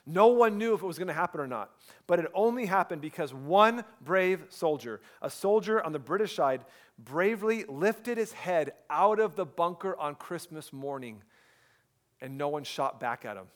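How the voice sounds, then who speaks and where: A man's voice: on the high side, lively intonation, normal speed. Earnest pastor, a man preaching. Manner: earnest, drops to a hushed voice for emphasis. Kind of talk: sermon.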